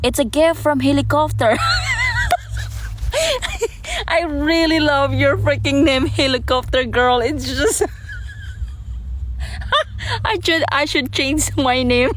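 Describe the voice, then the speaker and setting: A woman chatting casually on a live stream while paddling outdoors, giggly and easily excited. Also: high voice, normal speed, hardly any pauses, slight background noise.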